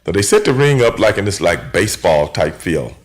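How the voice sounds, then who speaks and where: A middle-aged man with a lowish voice spins road stories on his radio show. His pitch swings widely as he acts out what everyone said, relaxed and chatty, tossing in plenty of "you know what I'm saying.". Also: fairly quick. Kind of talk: casual radio storytelling.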